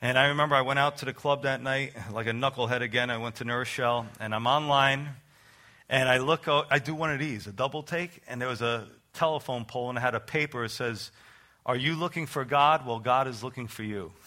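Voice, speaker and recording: A man's voice: medium pitch, quick pace, bright, forceful tone. A middle-aged man preaching a sermon and telling his own testimony, earnest and conversational, with emphatic rises. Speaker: pastor.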